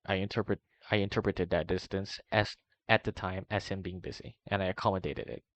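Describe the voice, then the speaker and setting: A man reading a long document aloud in a steady way, now and then stumbling and correcting himself, in a dull, slightly muffled recording. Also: low-pitched, brisk. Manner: steady reading with small slips and self-corrections. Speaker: reader of a document. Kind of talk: long read-aloud narration.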